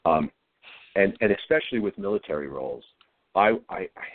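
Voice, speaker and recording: A deep-voiced middle-aged man speaks in a low-key, hesitant way, often restarting his sentences as he thinks. The sound is dry and tinny, like a phone line. He answers interview questions casually. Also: lively intonation, brisk, no room sound. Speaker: actor guest.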